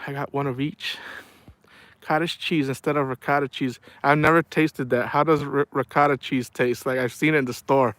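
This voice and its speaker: A man's voice: medium pitch, steady tone, normal speed, a bit bright, dry recording. A middle-aged man chatting casually on a livestream, telling rambling stories and saying "man" a lot. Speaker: livestream host.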